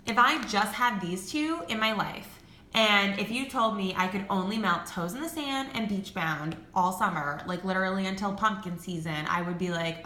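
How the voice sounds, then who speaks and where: A woman in her twenties gushing excitedly in a casual haul video, full of "like" and the odd swear word. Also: mid-range voice, moderate pace, roomy sound. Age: 20s. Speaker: vlogger.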